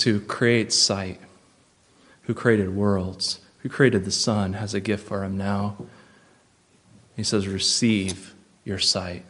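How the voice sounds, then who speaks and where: Preaching with emphasis, a pastor whose male voice sits on the low side repeats his key phrases and swings between quiet and loud passages.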